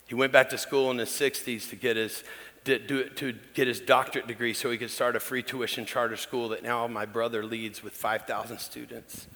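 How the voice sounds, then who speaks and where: A man's voice: mid-range voice, little pitch movement, moderate pace, bright, forceful tone. A middle-aged man, a pastor, preaching a candid, conversational sermon that speaks directly to the congregation. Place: church hall. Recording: long church-hall reverb.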